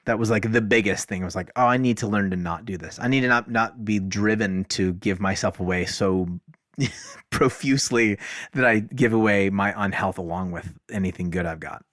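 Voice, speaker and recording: A man, a podcast guest, telling stories in a casual, animated way, often saying "like" and acting out dialogue. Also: fairly low pitch, moderate pace, no room sound, clean studio sound. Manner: animated, fills speech with "like", acts out dialogue. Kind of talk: casual storytelling.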